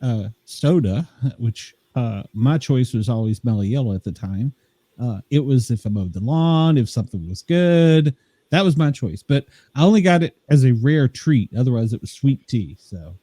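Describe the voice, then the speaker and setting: A man from the American South chatting easily on a podcast, pausing often with fillers. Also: medium pitch, expressive, dark tone, no echo. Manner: easygoing, halting, lots of fillers. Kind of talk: casual podcast chat.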